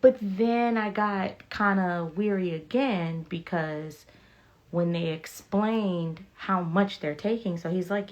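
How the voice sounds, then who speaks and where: Low-voiced woman chatting on a livestream. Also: slow pace. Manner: candid, animated storytelling with blunt profanity; reads viewer comments aloud. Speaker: beauty vlogger sharing health updates. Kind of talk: casual livestream chat. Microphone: phone livestream.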